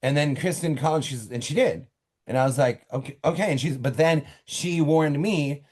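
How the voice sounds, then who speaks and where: As a guest in an interview, a middle-aged author speaks informally from his home office, spinning lively stories with rapid side comments and restarts. His voice is on the high side and husky.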